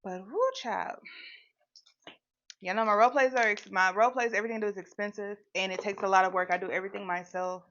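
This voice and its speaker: A woman's voice: medium pitch, steady tone, fast talker, a bit bright, slight background noise. A young adult woman hosting a casual live stream and chatting straight to her viewers in a rambling, talkative way. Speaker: host of her own channel, live stream. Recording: dull lo-fi sound.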